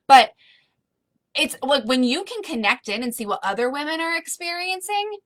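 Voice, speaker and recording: A woman's voice: high voice, very animated, normal speed. A woman coaching a group of women live online, encouraging and soothing as she leads breathing and affirmations.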